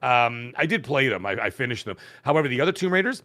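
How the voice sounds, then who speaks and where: Middle-aged male podcast co-host, rambling and excitable, dry close sound. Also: medium pitch, fast, dry recording. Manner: rambling, excitable, lots of fillers. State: hiccups. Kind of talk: casual chat.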